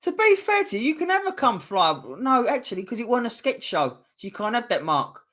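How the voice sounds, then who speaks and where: A man's voice: very high voice, big pitch swings, fairly quick, bright, forceful tone. A man with a London accent, hosting a casual live-stream quiz, chatty and teasing, swearing freely. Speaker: host reading a quiz to a live chat.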